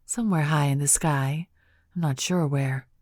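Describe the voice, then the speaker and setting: A woman voicing an ancient female phoenix spirit in an audiobook, speaking calmly and formally. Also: low-pitched, normal speed, no room sound, studio quality.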